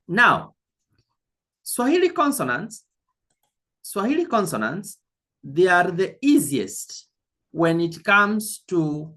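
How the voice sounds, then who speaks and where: Woman teacher, online lesson, slow pace, lively rising and falling pitch, repeats words for emphasis. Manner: addresses the learner directly and kindly. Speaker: language teacher.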